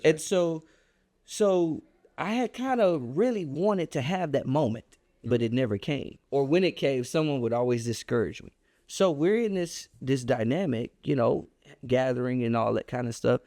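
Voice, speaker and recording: A man telling a personal story on a podcast, animated and emphatic in a casual, colloquial way. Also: normal speed, no echo, clean studio sound. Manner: animated, emphatic storyteller with a wide pitch swing; casual and colloquial, reflective when making his point.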